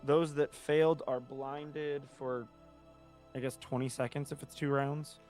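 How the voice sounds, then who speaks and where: A man's voice: mid-range voice, level tone, a little slow, darkish tone, faint music behind. A man playing a tabletop game, speaking hesitantly with many fillers. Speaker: player. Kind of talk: casual tabletop play.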